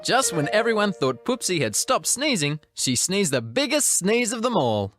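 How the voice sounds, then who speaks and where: A narrator reading a children's storybook with lively expression. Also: medium pitch, normal speed, over music.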